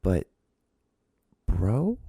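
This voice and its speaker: A man's voice: sits low, huge pitch swings, extremely slow, mellow, breathy edge, no echo, studio quality. A man hosting his own podcast, talking in a rambling, profane solo monologue full of restarts. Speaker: podcast host.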